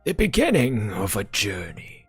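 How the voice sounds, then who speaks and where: A man narrating a game's story text aloud in a measured, brooding delivery as a let's-play host. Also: on the low side, huge pitch swings, breathy edge, soft background music. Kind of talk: slow dramatic narration of game text.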